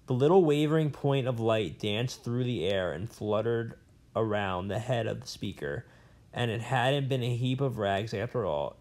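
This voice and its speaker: A man's voice: mid-range voice, normal speed, darkish tone. A man reading a novel aloud in a plain way, with small slips and restarts. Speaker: reader.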